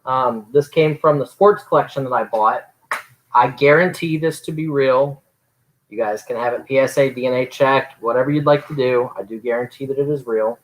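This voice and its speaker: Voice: medium pitch, normal speed, rough recording. A co-host presenting items for sale in a live auction, speaking casually. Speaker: seller and co-host. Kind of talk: live auction selling chat.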